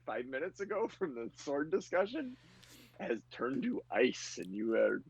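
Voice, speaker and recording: A man's voice: mid-range voice, big pitch swings, unhurried, gravelly, breathy edge, rough recording. A man narrating a tabletop game as game master, with frequent fillers and laughter. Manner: filler-heavy, laughs often. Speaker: game master and podcast host.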